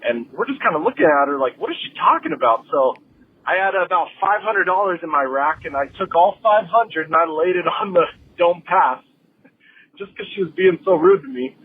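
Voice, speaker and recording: A man's voice: on the high side, moderate pace, slightly rough. A man calling in from Las Vegas to tell a story about a rude player at a craps table. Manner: storytelling, mimics a rude woman. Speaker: caller. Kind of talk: phoned-in story. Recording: tinny phone line.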